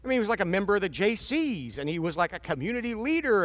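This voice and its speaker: A man's voice: high-pitched, very animated, fast talker, few pauses, a bit bright. A man in his fifties preaching a sermon in a conversational, storytelling way with wry asides. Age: 50s.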